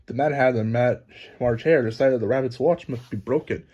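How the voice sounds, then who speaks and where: A man narrating a children's storybook aloud in a lively, expressive reading. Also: mid-range voice, brisk, highs cut off, a little hiss or hum. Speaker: storybook reader.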